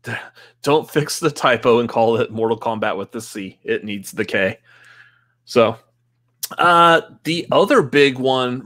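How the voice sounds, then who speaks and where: A man's voice: on the high side, a bit bright, dry recording. A man co-hosting a casual live movie-news stream, chatty and full of fillers, laughing often. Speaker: movie podcast co-host.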